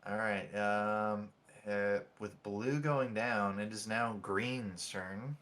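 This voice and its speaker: A man with a fairly low voice runs a tabletop game session. He talks casually and patiently walks the players through the rules, with plenty of fillers. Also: slow, fairly bright tone. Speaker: game master.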